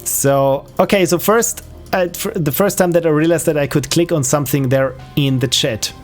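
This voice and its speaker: A man's voice: fairly high pitch, moderate pace, soft background music. A streamer musing aloud as he plays. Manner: musing, thinking aloud with fillers. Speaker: game streamer. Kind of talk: casual live-stream commentary.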